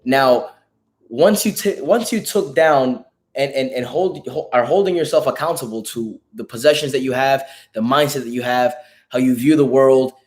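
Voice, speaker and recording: A man with a hoarse, raspy voice giving an emphatic, profane motivational talk as host of a live stream. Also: mid-range voice, moderate pace, a little mellow. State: hoarse from a lost voice.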